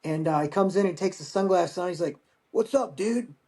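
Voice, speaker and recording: Middle-aged male veteran, guest spot, loose swear-heavy anecdotes, voices the people he quotes, a touch high-pitched. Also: quick pace. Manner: profane, animated anecdote-telling with acted quotes. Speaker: podcast guest, Marine veteran. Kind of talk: casual storytelling.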